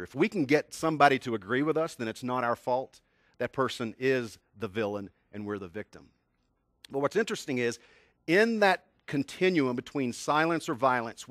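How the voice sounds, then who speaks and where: Fifties guy from tennessee giving a motivational talk, lively storyteller, dry close sound. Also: medium pitch, no echo. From Tennessee, USA. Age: 50s. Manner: animated storyteller, asks the audience questions. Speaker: communication skills speaker.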